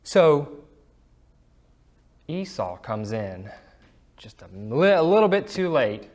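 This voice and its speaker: A man teaching a Sunday school class, reading scripture aloud and chatting in a relaxed way with fillers and asides. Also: medium pitch. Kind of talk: casual Bible lesson with reading aloud.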